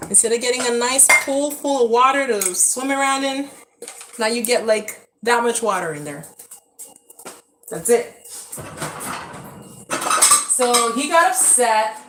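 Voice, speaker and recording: On a very noisy recording, a woman in her thirties with a slightly high, animated voice speaks at a normal speed. Live-streaming from home near her backyard pool, the vlogger chats with viewers and scolds her kids in the yard between asides.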